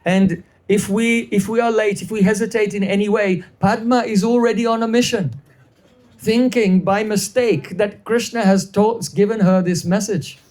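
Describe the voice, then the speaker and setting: A man's voice: high-pitched, steady tone, darkish tone, voice pushed up, natural voice. A man voicing an anxious forest goddess in a devotional story, speaking urgently and in a hurry. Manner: urgent, hurried.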